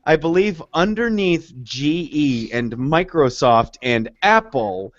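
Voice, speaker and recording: A man's voice: on the high side, lively intonation, slow pace, a crowd in the background. A young man chatting crudely and ranting over a group video call. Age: young adult. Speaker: student co-host. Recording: dull lo-fi call audio.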